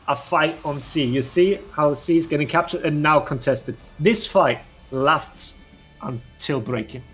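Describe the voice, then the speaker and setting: A man explaining game clips as a guest analyst in a casual, relaxed way. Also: mid-range voice.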